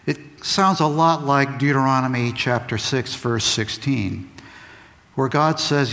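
A man giving a lively, conversational Bible lesson to kids. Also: mid-range voice, a little slow. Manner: lively, conversational, acts out quotes. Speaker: Bible teacher. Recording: long reverb of a large hall.

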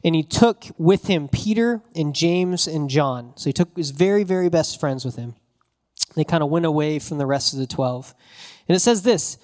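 A man preaching in a relaxed, conversational way, his voice sitting a little higher than most men's. He retells the story animatedly with casual slang, like talking to friends from the pulpit. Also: normal speed. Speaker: pastor. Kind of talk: conversational sermon.

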